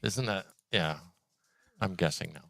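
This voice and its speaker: A man's voice: sits low, a little slow, creaky, a bit bright, dry recording. A man co-hosting a live chat show, chiming in with short dry quips in a laid-back way. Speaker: co-host. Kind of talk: casual chat.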